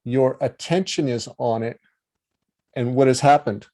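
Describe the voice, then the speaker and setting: A man teaching about healing in a relaxed, conversational way, acting out inner voices with changing tones and checking in with the listener. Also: medium pitch, a little slow. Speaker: meditation teacher. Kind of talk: talk on healing.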